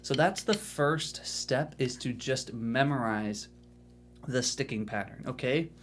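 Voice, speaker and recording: A man's voice: mid-range voice, slight background noise. Casual male drum teacher explaining technique. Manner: casual, encouraging, repeats "okay?" to check in. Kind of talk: instructional video lesson.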